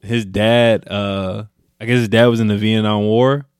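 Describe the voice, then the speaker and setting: A young man co-hosting a casual podcast chat, animated, acting out quotes with sudden high-pitched outbursts. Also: a little slow, smooth, dry recording, clean studio sound. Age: young adult. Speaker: podcast co-host.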